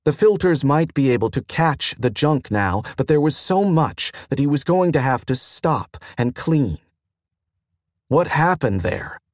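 A man narrating a science fiction audiobook in a measured, even reading. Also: fairly high pitch, dry recording, clean studio sound. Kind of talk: scripted narration.

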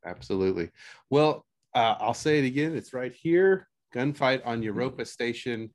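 A man hosting a podcast, friendly, laughing often and quick to agree with guests. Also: medium pitch, expressive. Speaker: podcast host. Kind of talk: casual podcast chat.

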